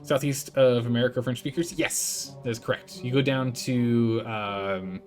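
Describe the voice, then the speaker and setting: A man's voice: medium pitch, steady tone, a little slow, darkish tone, soft background music. A man casually commentating his building game on a live stream, thinking aloud, answering chat and laughing often.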